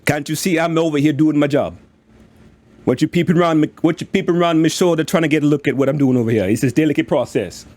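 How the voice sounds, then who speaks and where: A man voicing a gruff, testy dwarf mechanic with an unusual accent, brusque and fast. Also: a little high, darkish tone, pitched above the performer's own voice, lightly acted. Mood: irritated.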